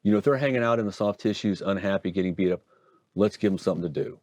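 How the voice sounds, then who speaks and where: Deep-voiced man, folksy surgeon talk. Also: quick pace, no echo. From Oregon. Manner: folksy, animated explainer with asides. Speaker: hand surgeon guest. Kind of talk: conversational interview storytelling.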